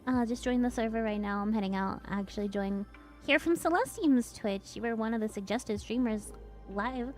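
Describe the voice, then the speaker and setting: Young woman streamer, kinda high voice, giggles a lot, faint music behind. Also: moderate pace. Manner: giggly, laughs often, chatty. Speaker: streamer host. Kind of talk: casual chat with viewers.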